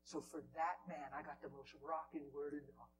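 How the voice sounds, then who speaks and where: Animated high-voiced male preacher. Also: brisk, background noise. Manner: animated, swings from loud to whispered. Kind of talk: storytelling sermon. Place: church hall.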